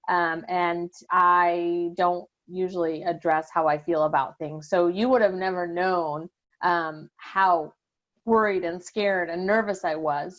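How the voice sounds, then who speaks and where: Halting woman, dull lo-fi sound. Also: on the low side. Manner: halting, many restarts and fillers, laughs nervously. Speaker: guest sharing her exam success story. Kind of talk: emotional podcast interview.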